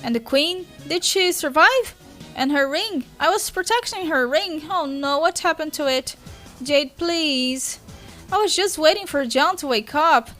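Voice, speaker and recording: A woman's voice: high-pitched, animated, a little slow, fairly bright tone, faint music behind. A woman with a Brazilian Portuguese first language voicing a weepy teenage girl sprite who breaks into sobbing boo-hoo cries.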